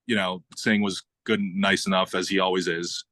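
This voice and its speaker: A man's voice: sits low, flat delivery, normal speed, sharp tone, dry recording. A man hosting a casual gaming chat, telling stories animatedly, swearing and acting out quotes. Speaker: gaming channel host.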